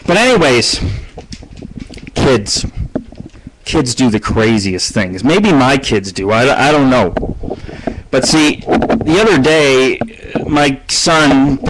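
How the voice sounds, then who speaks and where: A middle-aged man hosts his own radio show solo from home, at a middle pitch. He rambles from story to story and swears constantly. A faint hiss sits under the recording. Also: animated, takes it slowly, pauses often. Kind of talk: solo live radio monologue. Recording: faint background noise.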